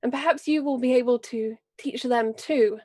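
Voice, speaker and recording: Brief: woman voicing a fierce noble lady and mother, higher-pitched, grave and measured, tabletop role-play. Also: a little mellow, natural voice. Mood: fierce, earnest. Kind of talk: in-character role-play speech.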